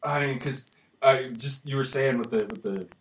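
A man's voice: mid-range voice, moderate pace. A man hosting a podcast in casual chat, rambling and laughing as he tells stories. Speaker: podcast host. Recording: echoey room, mic at a distance, faint hiss.

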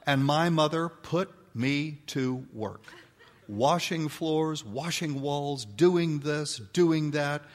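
A man's voice: on the high side, slow. Older man telling stories in an echoing hall. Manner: folksy, animated storytelling, acts out quoted voices. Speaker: speaker addressing an audience of mothers. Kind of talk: live talk to an audience. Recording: long hall reverb.

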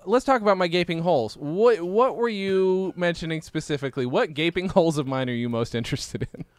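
A man's voice: fairly high pitch, brisk, no room sound. A man hosting a casual podcast chat, wry and teasing.

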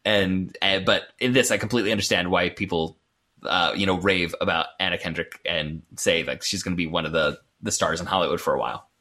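A man co-hosting a podcast, talking through a film in a loose, chatty way. His voice sits a little low but comes across bright and forceful. He laughs often and fills pauses with "um" and "like". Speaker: podcast co-host. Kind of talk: casual film discussion.

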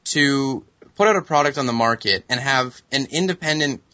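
A man's voice: mid-range voice, animated, normal speed, bright, forceful tone, no echo. A young man co-hosting a gaming podcast, delivering an emphatic, sardonic rant. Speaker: podcast co-host. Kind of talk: ranting commentary. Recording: dull lo-fi sound.

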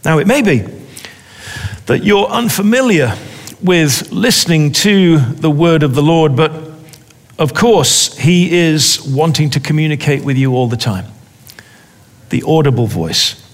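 A man with a high voice preaching a sermon at an unhurried pace. He speaks deliberately and repeats key phrases for emphasis. His voice carries a long reverb, as in a large hall. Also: expressive.

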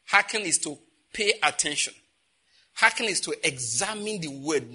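A man's voice: high voice, lively intonation, normal speed, sharp tone, husky. A man preaching a conversational sermon, laughing often and asking his listeners rhetorical questions. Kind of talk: sermon teaching.

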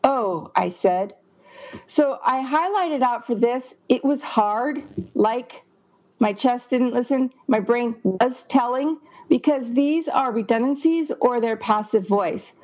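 A woman's voice: a little high, slow pace, darkish tone, lo-fi sound. Woman editor walking through a manuscript. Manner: explanatory, reads passages aloud then comments. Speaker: book editor. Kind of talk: manuscript critique walkthrough.

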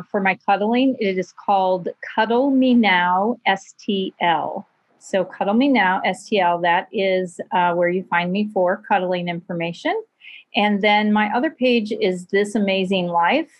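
Woman, podcast guest, slow, gentle, hesitant. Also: mid-range voice, dull audio. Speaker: podcast guest, professional cuddler. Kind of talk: interview answers.

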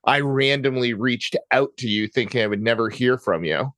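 A man's voice: mid-range voice, moderate pace, a bit bright, no echo. A man with a mid-range voice co-hosts a podcast and tells an anecdote in an easygoing, chatty way. The sound is dry and close. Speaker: podcast co-host. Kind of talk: casual conversation on a podcast.

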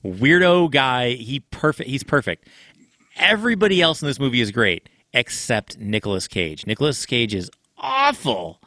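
A man's voice: mid-range voice, huge pitch swings, normal speed, sharp tone, no echo, studio quality. A man co-hosting a podcast, giving blunt, profane opinions in casual chat. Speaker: podcast co-host.

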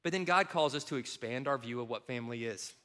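A man's voice: medium pitch, fast, smooth. A middle-aged man from Kentucky preaching a sermon, mixing funny personal stories with scripture. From Kentucky, USA. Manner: animated, self-mocking humor with quoted voices. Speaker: pastor. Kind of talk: sermon with storytelling.

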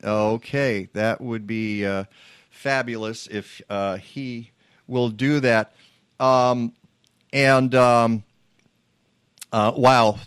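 A man hosting a radio talk show in casual chat, halting, with many fillers and restarts. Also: mid-range voice, steady tone, fairly bright tone, clean tone, dry recording, studio quality.

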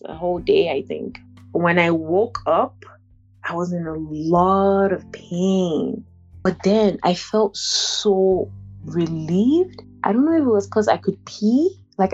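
Young woman, lower-pitched, candid first-person testimony, halting and conversational, slightly muffled lo-fi sound. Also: a little mellow. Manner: halting, conversational, many "like" fillers and restarts. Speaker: interviewee sharing a personal story.

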